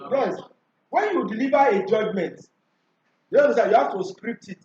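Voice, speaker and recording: A man runs a revision session in a classroom, firing questions at his students and asking them again, his extremely high voice darkish in tone, lively in intonation, and moderate in pace. The distant recording is echoey, muffled and lo-fi, with a little background noise.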